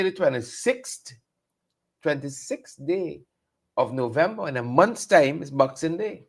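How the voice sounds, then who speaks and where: Male studio host, higher voice, chatty live morning-show patter. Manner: chatty, repeats phrases, greets viewers by name. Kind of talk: live morning show chat reading viewer comments.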